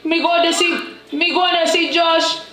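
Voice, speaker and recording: Doting Jamaican grandpa in heavy patois, played by a woman, very high voice, echoey room. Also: flat delivery, a little slow. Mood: teasing. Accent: put-on Jamaican. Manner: exaggerated patois, crooning over grandkids. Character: loud Jamaican grandfather, long-lost dad, doting.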